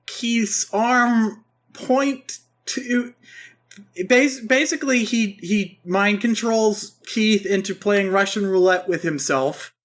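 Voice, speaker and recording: A man's voice: high-pitched, takes it slowly. A man co-hosting a podcast, casually recapping an anime in a rambling, self-interrupting way. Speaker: podcast co-host. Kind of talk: casual chat.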